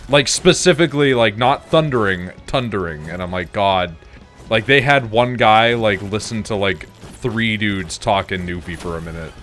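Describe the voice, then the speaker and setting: A fairly low-pitched Canadian gamer talks at a moderate pace with barely any pauses, his tone a bit bright against faint music. The streamer's talk is loose and rambling, laced with swearing and endless "like."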